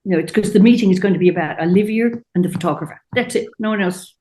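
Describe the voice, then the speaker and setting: An older woman, a fashion designer, telling anecdotes in an interview and acting out quotes in a higher voice. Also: racing, low-quality recording. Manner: animated anecdotes, acts out quotes in a high voice. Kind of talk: storytelling interview chat.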